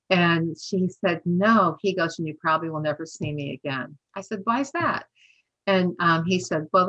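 With a deep, fairly bright voice, this sixty-something woman spins chatty, informal stories, laughing often, saying "you know" a lot and performing other people's dialogue. The sound is lo-fi.

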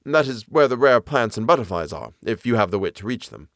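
A man voicing an eager, knowledgeable naturalist man who explains the moor with lively enthusiasm. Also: mid-range voice, fairly quick, dry recording, studio quality. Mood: warning.

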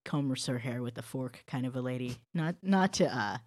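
A woman hosting a casual comedy podcast, joking and riffing with her guest in quick asides. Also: a bass voice, lively intonation, darkish tone, dry recording, studio quality. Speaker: podcast host.

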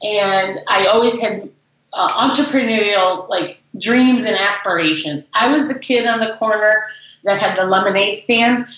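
A woman's voice: medium pitch, a little slow. A woman in her forties from the Chicago suburbs, chatting as an interview guest and telling stories with lots of fillers. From Chicago suburbs, USA. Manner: chatty, animated storyteller with fillers. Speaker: guest, business founder. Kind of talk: casual interview storytelling. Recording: very echoey, dull lo-fi remote audio.

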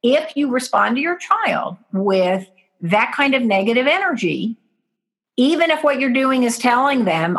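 Speaking at a measured pace, a woman with a fairly high, lively, somewhat bright voice appears as an interview guest. She earnestly walks through parenting steps, acting out the lines parents and children might say.

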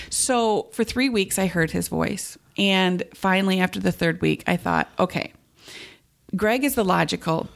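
Middle-aged woman guest, creaky edge, earnest animated storyteller. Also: medium pitch, a little slow. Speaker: guest sharing her story. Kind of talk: conversational storytelling.

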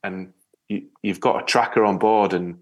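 A man, a guest telling stories in a casual interview chat, full of lively re-enactments. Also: fairly low pitch, normal speed. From Yorkshire, England. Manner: storytelling, lively, animated re-enactments. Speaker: guest, ocean rower.

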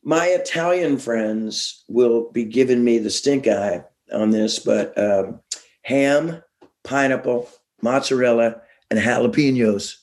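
A middle-aged man chatting as a guest, animated and laughing, slipping into quick voices as he tells stories. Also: mid-range voice. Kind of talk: casual chat, storytelling.

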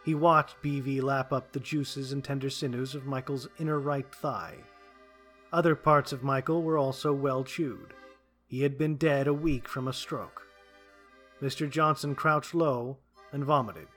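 A man narrating a dark short story in a steady, wry way. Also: mid-range voice, a little slow, faint music behind.

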